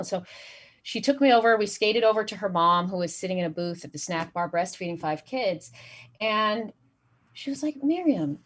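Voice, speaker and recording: A woman's voice: mid-range voice, normal speed, breathy edge. A woman doing a stand-up set, telling stories and acting out the people in them. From Chicago area. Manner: animated storytelling, acts out quoted voices. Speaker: stand-up comedian.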